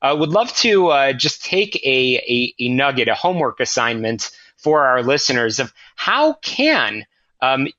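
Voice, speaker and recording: A man hosting a business show, interviewing a guest with many halting fillers. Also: mid-range voice, sing-song, sharp tone, lo-fi sound, slight background noise. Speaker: radio show host.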